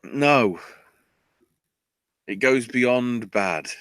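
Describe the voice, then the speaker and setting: Sarcastic man, crisp dry podcast voice. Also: mid-range voice, lively intonation, drawn-out words, a bit bright, no room sound. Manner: sarcastic, exasperated storytelling. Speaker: podcast host. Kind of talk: casual chat recapping a wrestling show.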